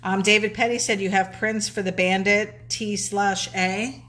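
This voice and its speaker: A woman's voice: medium pitch, steady tone, unhurried, fairly bright tone. A woman co-hosting a live stream, chatting casually and reading viewer comments aloud. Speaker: co-host reading live chat.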